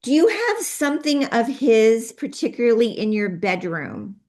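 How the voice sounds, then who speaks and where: A woman's voice: fairly high pitch, very animated, moderate pace, a little mellow. A woman guest, a medical intuitive, earnestly relaying messages in an interview and quoting them in a repeated 'he says' pattern.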